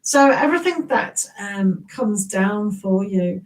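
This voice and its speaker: A woman's voice: medium pitch, expressive, slow pace, recorded from a distance, rough recording. An English woman giving a casual, rambling tarot reading on a live stream. She greets viewers, laughs often and restarts her sentences.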